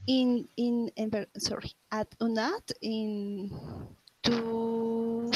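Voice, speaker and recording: Very slow, halting woman student. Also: a little high, flat delivery, noisy background. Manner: hesitant, halting, searching for words. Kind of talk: classroom conversation practice.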